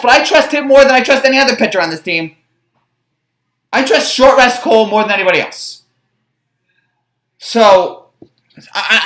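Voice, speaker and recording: A young woman rants as a sports fan vlogger, frustrated and rambling, often stumbling over her restarts. Her voice sits in a middle register. The recording rings with the echo of a bare room. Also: medium pitch. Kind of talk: fan reaction rant. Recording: echoey room.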